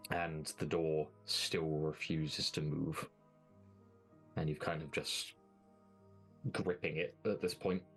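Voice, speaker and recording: Deep-voiced male game master. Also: little pitch movement, faint music behind. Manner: measured, descriptive. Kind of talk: narrating a tabletop game.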